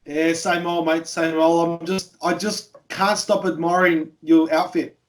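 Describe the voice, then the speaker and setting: A matey Australian man hosting a podcast, who jokes around and swears freely. His voice sits clearly high for a man. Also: level tone, unhurried. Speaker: podcast host. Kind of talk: casual podcast chat.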